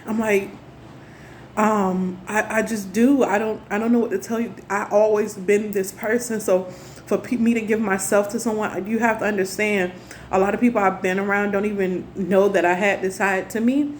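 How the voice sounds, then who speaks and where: A woman's voice: mid-range voice, steady tone, normal speed. A young woman talking to camera in a casual personal monologue. Her talk rambles earnestly, with many restarts. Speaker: spiritual vlogger. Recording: faint background noise from neighbors.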